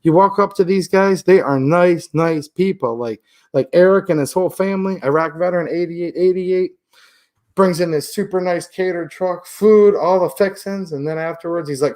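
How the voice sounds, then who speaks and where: A man's voice: high-pitched, expressive, normal speed, darkish tone. A man with a slightly raised voice hosts a casual livestream. He chats and jokes with his viewers in loose, rambling asides. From Michigan. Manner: chatty, joking, rambling asides. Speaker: livestream host. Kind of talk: casual livestream chat reading viewer comments.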